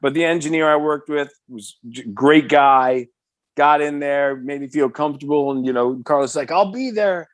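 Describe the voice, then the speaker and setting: A man in his fifties from the Bay Area, a metal singer telling a story as a podcast guest, excitable, swearing freely and full of "you know". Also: medium pitch, moderate pace, dry recording. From San Francisco Bay Area. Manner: animated, excitable, swears freely, heavy filler words. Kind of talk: casual storytelling in conversation.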